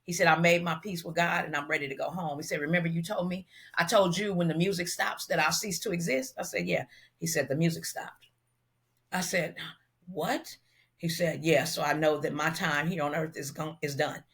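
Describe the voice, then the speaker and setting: Bright-voiced woman recounting a story. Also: fairly low pitch, moderate pace. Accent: Southern California African American Vernacular. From Los Angeles, USA. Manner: animated storyteller who acts out quoted dialogue. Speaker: guest, celebrity hairstylist. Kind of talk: emotional storytelling in an interview.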